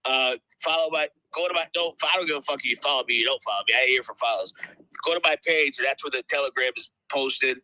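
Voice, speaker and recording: A man's voice: mid-range voice, fast, sharp tone, rough recording. A tired, half-asleep man who swears constantly and brashly hypes his crypto coin in a live audio chat. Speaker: crypto project promoter. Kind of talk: loud profane hype on a live audio room.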